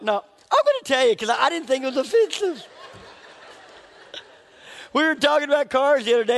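A middle-aged man with a high, fairly bright voice preaches a sermon in a church sanctuary, keeping it conversational and joking at his own expense, laughing at himself. The audio carries the long reverb of a large hall.

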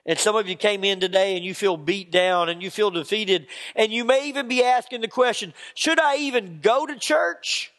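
A man preaching with a notably high voice, spinning folksy stories and acting out the people in them. The sound rings with the long reverb of a church hall. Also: brisk, hardly any pauses, fairly bright tone. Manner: folksy storytelling, acts out quotes. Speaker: pastor. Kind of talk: sermon. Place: church sanctuary.

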